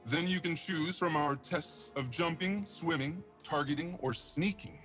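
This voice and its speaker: An actor playing a young, earnest alien guardian in a video game, speaking formally and with measured care. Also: male voice, on the high side, a bit bright. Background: game music.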